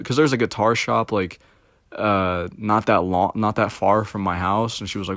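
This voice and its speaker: A man's voice: fairly low pitch, normal speed, fairly bright tone, no room sound, studio quality. A young man in his twenties rambling through a casual story, packed with filler words and swearing. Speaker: streamer.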